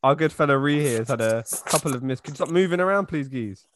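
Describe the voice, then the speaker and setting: A young man, co-hosting a podcast in relaxed, joking chat and steering the conversation. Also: mid-range voice, fast, a little hiss or hum. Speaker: podcast co-host. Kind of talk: casual chat.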